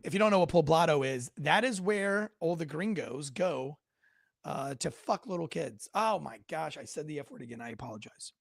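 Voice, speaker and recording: Male commentary host, slightly high voice, dry close sound, rambling, sarcastic. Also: lively intonation, normal speed, gravelly, no room sound. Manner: rambling, sarcastic asides, frequent self-corrections. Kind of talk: casual news commentary. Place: home.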